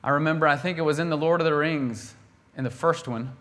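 A man preaching a sermon in a conversational way, reading scripture and acting out the characters with bursts of loud emphasis. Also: on the high side, a little fast. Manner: animated, acts out the quoted characters with bursts of volume; conversational, with laughs and restarts.

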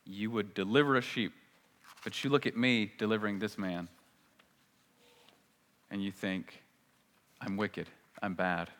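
A man's voice: fairly low pitch, unhurried, pauses often, fairly bright tone. A man preaching a sermon as a pastor, talking in a conversational way and often asking the congregation rhetorical questions. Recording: long hall reverb.

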